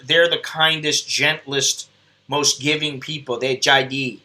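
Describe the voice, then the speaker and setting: Rambling, bright-voiced American man. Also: medium pitch, fairly even intonation, slow pace. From United States. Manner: rambling, self-deprecating, joking. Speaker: host. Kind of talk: casual live-stream chat.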